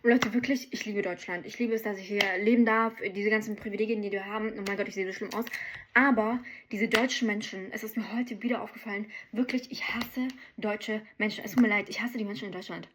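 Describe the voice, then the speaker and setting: A woman's voice: medium pitch, steady tone, fast talker, background noise. A young woman chatting straight to her viewers in a casual vlog, ranting and telling a travel story.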